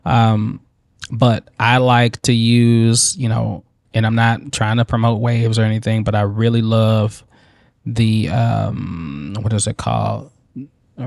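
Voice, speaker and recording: A man hosting a software tutorial, thinking aloud in a loose, informal way as he works on screen. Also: mid-range voice, no echo, clean studio sound. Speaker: tutorial host.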